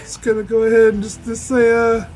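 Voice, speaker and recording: A man in casual chat, joking and quick to steer the talk away, often repeating himself. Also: very high voice, completely flat delivery, a little mellow, a little hiss or hum.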